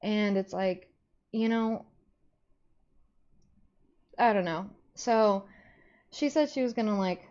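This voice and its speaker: A young woman streaming live and chatting casually with her viewers. She rambles through her stories in a middle-pitched voice full of "like" fillers. The audio sounds slightly dull and lo-fi. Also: slow pace, pauses often, darkish tone. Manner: bursts into high squeaky greetings to chat.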